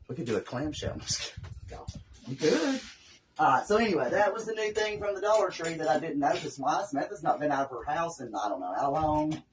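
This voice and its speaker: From the craft room in her home, a Southern-accented woman runs a casual live stream, rambling along with her viewers about crafts. She has a bass voice, and the rough recording carries slight background noise.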